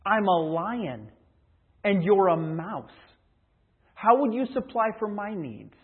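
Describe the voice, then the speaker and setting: A man's voice: high voice, very animated, slow, slightly rough, heavily acted. A man voicing a big, proud lion that scoffs at a mouse. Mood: scoffing. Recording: tinny phone-like line.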